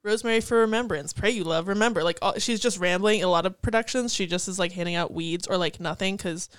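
A woman's voice: medium pitch, quick pace, clear, resonant tone, no echo, studio quality. A young woman co-hosting a podcast in casual chat, blunt and profane, laughing easily. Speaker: podcast co-host.

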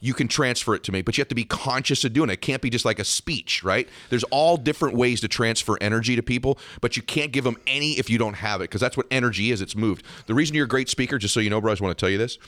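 A man talks as a podcast guest, quick and emphatic, pressing his point. The sound is dry and close to the mic. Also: medium pitch, a bit bright, no echo. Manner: fast, emphatic, inspirational explaining. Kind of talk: casual conversation. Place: podcast studio.

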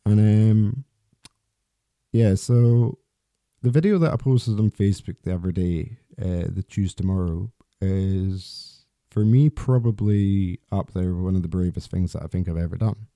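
A man's voice: low voice, measured pace, mellow, no echo. A man hosting a solo podcast, talking in a rambling, candid way with restarts and the odd swear word. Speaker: podcast host.

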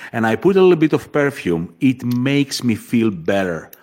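A man's voice: medium pitch, very animated, normal speed, a little mellow. A man hosting a radio interview, friendly and effusive. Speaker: radio host.

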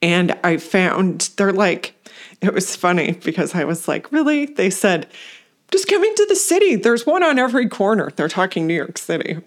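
A woman telling a personal story to a meditation community, animated, acting out what others said and laughing along the way. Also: mid-range voice, normal speed. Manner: animated retelling with acted-out quotes and laughs. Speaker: community member sharing practice.

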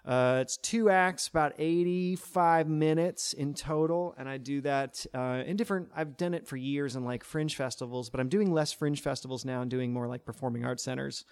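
A man's voice: mid-range voice, normal speed, few pauses, clear, resonant tone. A man with a tenor voice, a stage performer chatting in an interview, with many fillers and restarts. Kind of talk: casual interview talk.

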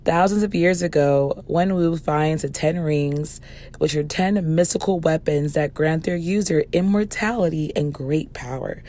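A woman hosting a podcast movie review, hoarse from losing her voice, chatting casually. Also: deep voice, unhurried, dark tone. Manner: chatty, with fillers and restarts. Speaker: podcast host.

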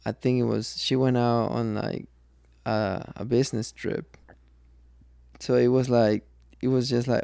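A man with a heavily gravelly, crackling voice tells a story on a podcast, circling back and restarting as he goes. He sits close to a studio microphone in a dead, dry room with no echo. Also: mid-range voice, level tone, a little slow, warm tone. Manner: rambling, circling retelling with many restarts. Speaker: podcast co-host. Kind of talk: casual storytelling chat.

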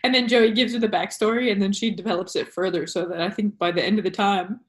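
Woman podcast host, casual and rambling, mid-pitched, easy conversational delivery. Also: fairly even intonation, fast talker. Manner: rambling, laughing, self-interrupting. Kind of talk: casual chat.

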